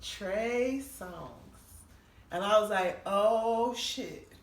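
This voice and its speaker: A woman comedian telling a funny story in a lively, laughing way, acting out the people she quotes. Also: drawn-out words. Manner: laughs often, acts out quotes with big pitch jumps. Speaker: comedian guest. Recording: echoey room, mic at a distance, faint noise.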